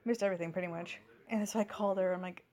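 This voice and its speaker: A woman's voice: fairly low pitch, fairly even intonation, racing, warm tone. A woman in her thirties telling a long everyday story in a casual vlog at home, rambling with many fillers and restarts. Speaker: vlogger.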